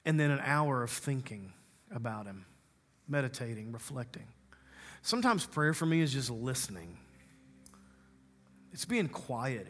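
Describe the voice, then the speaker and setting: A man's voice: mid-range voice, fairly bright tone, long reverb tail. A man preaching a sermon as a pastor, conversational and humorous, teasing his congregation.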